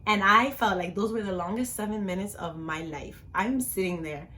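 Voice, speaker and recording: A woman's voice: mid-range voice, normal speed. Chatty young woman telling a story. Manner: chatty, animated, full of "like". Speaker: vlogger. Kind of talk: casual storytelling.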